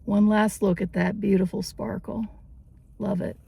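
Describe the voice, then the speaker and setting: A woman's voice: mid-range voice, little pitch movement, measured pace, vocal fry, dark tone, husky, no echo. A woman hosting a casual vintage-shopping vlog, chatty and cheerful, often laughing as she talks. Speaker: vintage vlogger.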